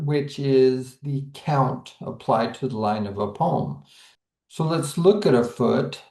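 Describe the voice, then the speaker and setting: Slow, gravelly man teaching. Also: mid-range voice, warm tone, roomy sound. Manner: deliberate, with filler uhs and okays. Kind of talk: slow explanatory lecture.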